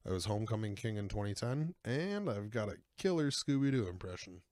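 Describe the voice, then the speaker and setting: Young male podcast host, low voice, dead-dry sound; loose, joking, filler-heavy rambling. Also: big pitch swings, a little fast, darkish tone, no room sound. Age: 20s. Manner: rambling, joking, self-deprecating, many fillers. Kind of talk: casual comedic chat.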